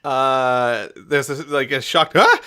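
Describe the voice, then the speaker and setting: A man's voice: mid-range voice, lively intonation, unhurried, sharp tone. A man running a tabletop game as game master, narrating casually with many fillers and laughs.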